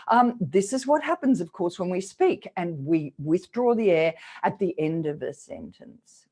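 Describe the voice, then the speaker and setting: A middle-aged woman leading a vocal warm-up lesson, coaxing and demonstrative. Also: lowish voice, sing-song, moderate pace, few pauses, breathy edge. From Australia. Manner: demonstrative, coaxing, with sung exercise syllables. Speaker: voice coach.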